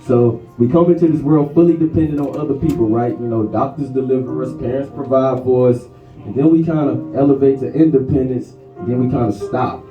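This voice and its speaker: A man's voice: medium pitch, fairly quick, narrow, tinny audio. A man who raps, talking to a live audience between songs in a casual, slangy way. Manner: laid-back, slangy, conversational. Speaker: rapper performing live. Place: live music venue. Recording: echoey room, mic at a distance, music behind.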